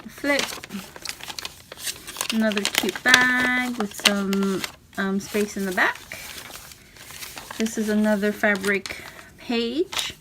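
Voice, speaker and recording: A woman's voice: mid-range voice, takes it slowly. Woman chatting thru her craft journal, easygoing, a bit of noise behind her. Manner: chatty, relaxed, with fillers and soft laughs. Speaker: crafter showing a handmade journal. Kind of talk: casual craft walkthrough. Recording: audible background noise.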